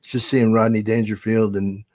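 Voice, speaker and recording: A man's voice: on the low side, little pitch movement, normal speed, a little mellow, no room sound. An older man, a veteran comedian, telling rambling show-business stories in a casual podcast chat, swearing freely and acting out quotes. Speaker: veteran stand-up comedian, guest of honor.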